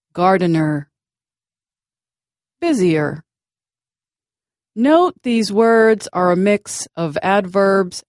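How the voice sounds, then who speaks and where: A woman teaching English word stress in a slow, scripted lesson, pronouncing example words clearly and deliberately. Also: medium pitch, a little mellow, no echo, studio quality.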